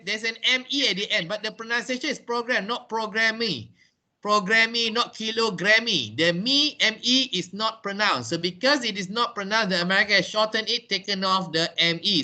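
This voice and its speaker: A man's voice: sits high, sharp tone, rough recording. A middle-aged man with a Malaysian English accent gives an online English lesson. He spells words out letter by letter and repeats his key points. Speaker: English teacher.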